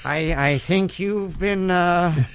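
A man doing a celebrity impression of a nervous, excitable young man who stammers in disbelief. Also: high-pitched, a little hiss or hum, pitched above the performer's own voice. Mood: flustered. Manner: stammering, halting. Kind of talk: celebrity impression in comic skit.

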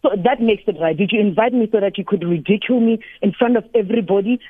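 A woman's voice: medium pitch, fast, breathy edge, no room sound. Lady reporter on the phone, emphatic, keeps repeating herself, dry tinny line. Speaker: sports reporter. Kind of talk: phone-in radio interview. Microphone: telephone.

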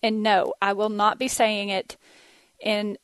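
A woman's voice: medium pitch, level tone, takes it slowly, clear, resonant tone, no echo. A woman with a Texas accent hosting a casual podcast monologue, chatty and laughing often, with plenty of ums and uhs. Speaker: podcast host.

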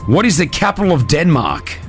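An energetic male radio host with a slightly raised voice, bantering and reading quiz questions at a brisk clip. A faint music bed plays under him in the studio. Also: on the high side. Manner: upbeat, joking, brisk quizmaster.

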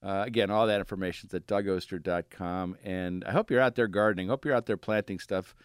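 A man's voice: sits low, a little fast, smooth, no echo. A man hosting a radio gardening show in a studio, chatty and upbeat, laughing easily between thoughts. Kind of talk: casual radio talk. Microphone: studio microphone.

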